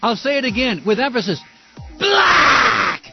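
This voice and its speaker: A man's voice: on the high side, animated, brisk, muffled recording, over loud music. A man hosting a call-in radio talk show, arguing with callers and ranting in outrage. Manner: heated ranting, shouts in outrage.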